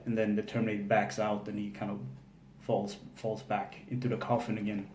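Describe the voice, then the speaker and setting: Man, casual recap, stop-start, faint room hum. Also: lowish voice. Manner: halting, many fillers and restarts, flat delivery. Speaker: film recapper. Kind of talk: casual spoken film recap. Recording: echoey room with faint ambience.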